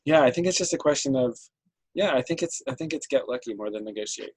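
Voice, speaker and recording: A man running a tabletop game as game master, thinking aloud and pausing on many ums as he talks. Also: medium pitch, lively intonation, darkish tone, low-quality recording.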